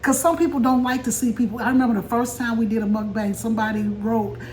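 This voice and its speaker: A chatty older woman with a slightly high voice hosts a casual home vlog at her kitchen table. She talks straight to her viewers and laughs often as she goes, with a faint hum of room noise behind her. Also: steady tone, fast talker, a little mellow. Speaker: vlog host. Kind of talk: casual mukbang chat.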